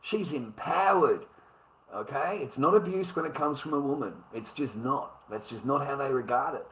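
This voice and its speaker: A medium-pitched, fairly bright male voice with an Australian accent rants briskly, swearing and repeating himself. He stammers whenever he restarts a sentence, and the recording is rough.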